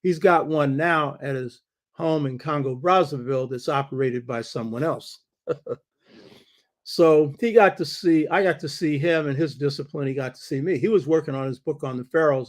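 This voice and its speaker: A man's voice: mid-range voice, normal speed. An older man hosting his own show, giving an emphatic monologue lecture from his home study and repeating key phrases for stress. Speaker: show host.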